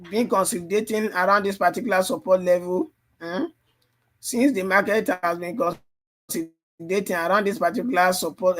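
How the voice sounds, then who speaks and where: A man's voice: high-pitched, fairly bright tone. A man coaching a live trading stream, his voice strained and tired, repeating phrases and constantly checking "you understand?". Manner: repetitive, keeps asking "you understand?". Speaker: trading livestream host. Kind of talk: live chart analysis and coaching.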